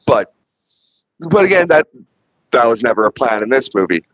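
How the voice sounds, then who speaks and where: A man's voice: medium pitch, big pitch swings, normal speed, a bit bright, dry recording, dull audio. A man hosting a podcast, retelling film scenes in casual, rambling chat full of restarts and swearing. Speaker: podcast host reviewing a film.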